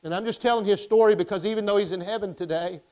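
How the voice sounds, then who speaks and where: A pastor preaches with a fast, driving delivery. His voice is high for a man, and his tone stays smooth and resonant. He tells his story in impassioned, emphatic bursts. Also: darkish tone, low-quality recording. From Arkansas. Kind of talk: sermon.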